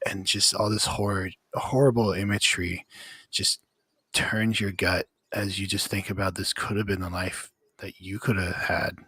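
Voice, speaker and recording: Male game master, low flat bright-edged husky voice, dry sound, dramatic narrator. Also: no echo. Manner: slow, dramatic scene-setting.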